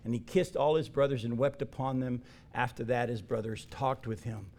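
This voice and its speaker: A man preaching a sermon and reading scripture aloud. He talks earnestly and gets louder and higher to stress a point. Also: fairly even intonation, moderate pace. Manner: earnest, rises in pitch and volume for emphasis. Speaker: pastor.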